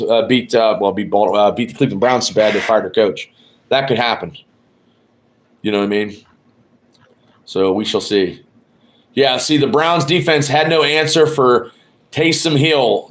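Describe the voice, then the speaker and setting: A man's voice: medium pitch, fairly bright tone. Guy rambling on a live sports stream, swears a lot, trash talks, regular mid voice. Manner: rambling, profane, trash-talking. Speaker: podcast host. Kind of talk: casual live-stream chat.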